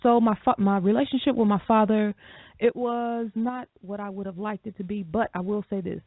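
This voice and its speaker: A woman with a gravelly, creaky voice co-hosting a talk radio show, speaking in a thoughtful, measured way with frequent pauses. She sounds like she is on a tinny phone line, close and dry. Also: mid-range voice, steady tone, dry recording. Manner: reflective, measured, frequent ums.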